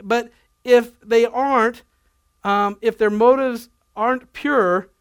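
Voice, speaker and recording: A middle-aged man preaching a sermon, moving between hushed personal storytelling and emphatic, conversational points. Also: extremely high pitch, fairly even intonation, slow, smooth. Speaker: pastor.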